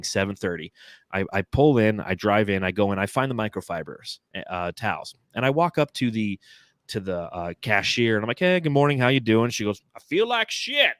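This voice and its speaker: Low-voiced guy on a sports podcast, dry close sound, acts out everybody in his stories. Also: brisk, no echo. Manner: animated storyteller, acts out quotes. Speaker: podcast co-host. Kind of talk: casual sports chat.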